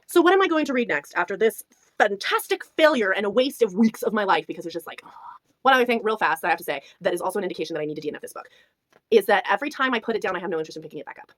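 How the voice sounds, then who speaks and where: A young woman ranting in a book review vlog, animated and exasperated, swinging between loud outbursts and whispers. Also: fairly high pitch, no room sound. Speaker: book vlogger.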